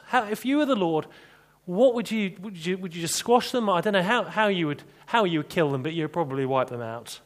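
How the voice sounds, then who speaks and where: A man's voice: high-pitched, expressive, fairly quick, hardly any pauses. A man preaching an expository sermon, chatty, with rhetorical questions and dry humor.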